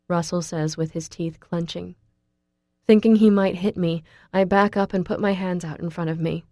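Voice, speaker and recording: A woman narrates a first-person novel in a low, dark, mellow voice. She leans pleading and emotional in the heroine's lines. The recording is dry and close, from a studio booth. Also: fairly even intonation, normal speed, dry recording. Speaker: audiobook narrator.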